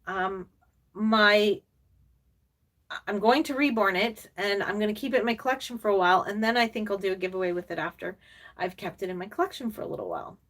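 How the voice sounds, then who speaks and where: Talking fairly quickly in a mid-range voice, an older woman who makes and collects reborn dolls runs a relaxed live stream, far from the mic. She reads comments and rambles with plenty of fillers and laughter, now and then cooing in soft baby talk.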